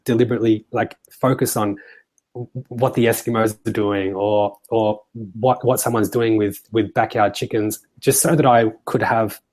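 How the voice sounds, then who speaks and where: A man with a fairly low voice talks through his thinking in a casual discussion. He is hesitant, feeling for each word before he goes on. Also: steady tone, normal speed, a little mellow. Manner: hesitant, searching for words.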